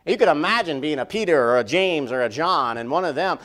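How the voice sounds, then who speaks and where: Male pastor preaching in a church, kinda high voice, repeats himself a lot, asks lots of questions. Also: lively intonation, moderate pace, fairly bright tone. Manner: conversational preaching, repeating phrases, many rhetorical questions. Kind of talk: sermon. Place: church sanctuary.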